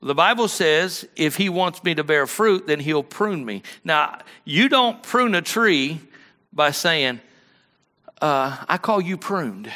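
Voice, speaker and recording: Male pastor, folksy storyteller, bright ringing tone. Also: a little high, slow. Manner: storytelling, rises to loud animated peaks; folksy, conversational delivery. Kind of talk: sermon.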